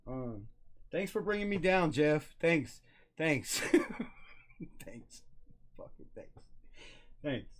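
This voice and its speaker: A middle-aged Californian man with a medium-pitched voice and a slight Southern country twang hosts a casual livestream. His banter is excitable, slangy, and profane.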